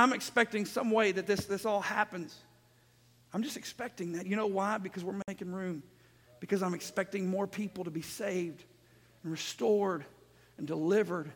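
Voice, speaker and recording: Male pastor, very high and bright voice, emphatic preacher, long church reverb. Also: steady tone, normal speed. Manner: emphatic preaching, repeats phrases, rises to shouts. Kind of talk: sermon. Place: church sanctuary.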